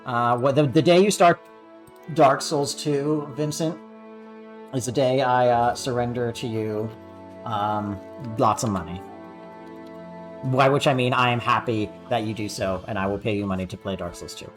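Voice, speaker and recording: A man's voice: mid-range voice, moderate pace, soft background music. A man streaming a game live, talking in a rambling, hesitant way with many fillers.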